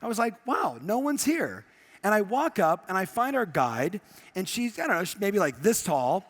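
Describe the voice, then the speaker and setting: A man's voice: high voice, moderate pace. A middle-aged man coaching a live audience on stage, telling stories animatedly and acting out quoted voices. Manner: animated storyteller, acts out quotes. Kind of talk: motivational seminar talk. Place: event room with live audience.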